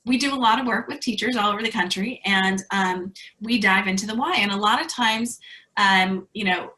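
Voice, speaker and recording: Brief: woman presenter, bright and forceful tone, chatty storytelling, video-call sound. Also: medium pitch, normal speed, rough recording. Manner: conversational storytelling with fillers. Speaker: speaker at an educators' webinar. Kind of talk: online presentation.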